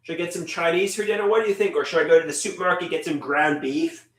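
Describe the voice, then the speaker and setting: A man's voice: a little high, fast talker, slight background noise. A man hosting a casual livestream, rambling and reading out viewer comments. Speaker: livestream host. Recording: echoey room, distant mic.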